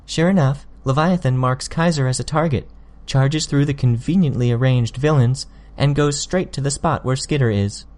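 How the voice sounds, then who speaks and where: A man reading an audiobook, voicing a sly, smug young woman who needles her opponents with quick, pointed jabs. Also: medium pitch, a little mellow, pitched above the performer's own voice, lightly acted. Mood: taunting.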